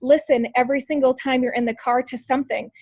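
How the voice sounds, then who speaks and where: Woman, motivational team call, upbeat coaching, quick talker, high voice. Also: fairly even intonation, darkish tone, no echo. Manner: upbeat, peppy coaching, full of "like" and "you guys"; speaks directly to listeners with rhetorical questions. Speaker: team leader on a sales call.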